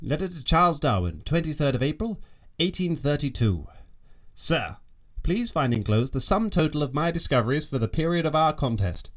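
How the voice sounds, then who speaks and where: A man's voice: a little high, sing-song, normal speed. A man playing a pompous, petty ship's naturalist. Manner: stiff formal letter-reading, self-important. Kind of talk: comic audio drama.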